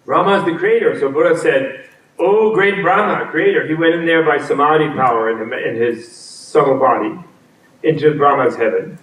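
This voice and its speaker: A man's voice: medium pitch, normal speed, a bit bright. A man giving a humorous talk as a teacher, with playful storytelling and frequent laughter, at a retreat center hall. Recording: roomy, from a distance.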